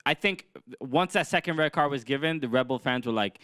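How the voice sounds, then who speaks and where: A man co-hosting a casual sports chat, halting and restarting as he talks, laughing easily. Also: mid-range voice, bright, forceful tone, clean tone, no room sound, clean studio sound. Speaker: podcast co-host.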